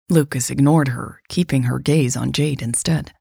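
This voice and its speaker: A woman narrating an audiobook in a measured, quietly dramatic reading, voicing dialogue softly. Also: rumbling low, fairly even intonation, creaky, breathy edge, no echo, clean studio sound.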